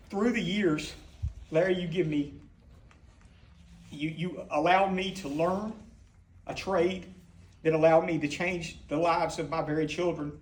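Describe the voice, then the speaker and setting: A man in his fifties giving a halting, openly emotional tribute speech to his longtime boss. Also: a little high.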